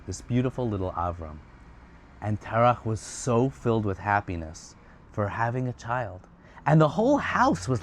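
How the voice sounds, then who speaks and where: Animated man telling a tale. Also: medium pitch, a little hiss or hum. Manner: animated, swings from loud excited to hushed soft; chatty asides. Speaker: storyteller. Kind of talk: casual retelling of a religious tale.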